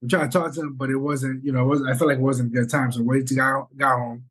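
A man co-hosting a podcast, telling a story in an animated, rambling way and swearing often. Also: mid-range voice, very fast, husky. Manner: animated, rambling, swears, says "bro" and "you know what I'm saying". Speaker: podcast co-host. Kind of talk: casual storytelling chat.

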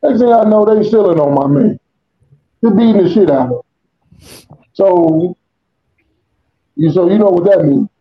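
A man's voice: high voice, animated, unhurried, long pauses. A man on a casual podcast telling a long, profane story, acting out the quotes as he goes. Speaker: podcast co-host. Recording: dull lo-fi audio.

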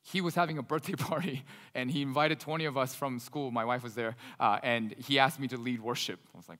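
A man preaching a sermon as a pastor, telling stories and swelling loud before dropping to a hushed voice. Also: mid-range voice, fast, few pauses. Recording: long hall reverb.

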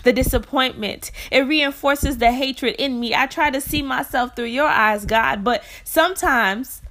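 A woman performing a spoken word poem like a prayer, impassioned, moving between hushed lines and crying out. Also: high voice, measured pace.

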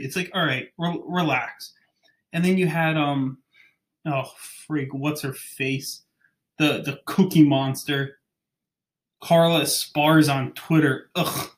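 A young man hosting a podcast, chatting casually, rambling and ranting, often stumbling over names. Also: fairly high pitch. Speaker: podcast host. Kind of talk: casual chat.

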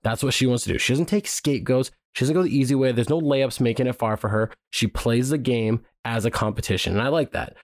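A man co-hosting a podcast, giving quick, filler-heavy opinions in casual chat. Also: mid-range voice, dry recording, studio quality. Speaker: podcast co-host.

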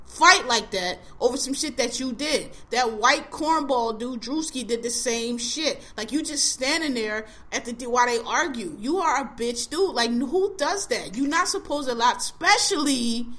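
A woman's voice: fairly high pitch, expressive, normal speed, few pauses, bright, forceful tone. A woman in her forties hosting a podcast, ranting bluntly and with heavy profanity in casual chat. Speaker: podcast host.

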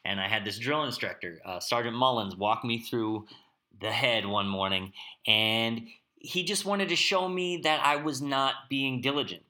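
A male podcast host with a very bright, sharp voice. He talks in a reflective, easy way and often pauses on fillers. His pitch sits in a middle range. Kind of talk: casual podcast interview and outro.

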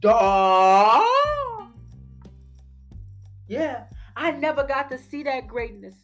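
A man's voice: very high-pitched, animated, drawn-out words, faint music behind, heavily acted. A man voicing an angry, betrayed longtime male fan who scolds and rants in slang. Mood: ranting. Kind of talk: reading an email aloud in character.

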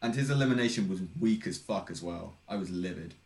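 Brief: low-pitched young guy, dry self-mocking podcast host, roomy echo. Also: animated, a little fast, darkish tone. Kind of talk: casual chat.

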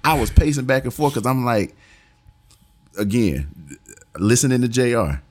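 A man's voice: mid-range voice, very animated, normal speed, a little mellow, slight background noise. A young man casually telling a story on a podcast, slangy and laid-back, laughing as he goes.

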